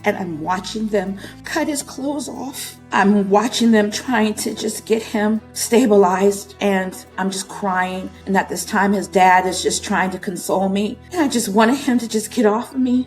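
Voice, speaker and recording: A woman's voice: unhurried, few pauses, a little mellow, soft background music. A woman in her thirties telling a painful personal story in an interview, her voice often breaking with emotion. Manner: tearful, voice breaking and rising into high emotion.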